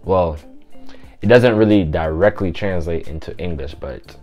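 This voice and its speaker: A man giving a casual language lesson, repeating each phrase slowly and clearly and explaining in a loose, relaxed way. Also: deep voice, dull audio, soft background music. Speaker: language teacher.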